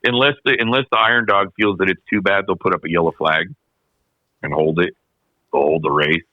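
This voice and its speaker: A snowmobile racer appearing as a podcast guest tells a long, animated story in a brisk, lowish voice, slangy and loose, often circling back to repeat himself. The casual storytelling is recorded on a podcast mic with a dull, dry sound and no room around it.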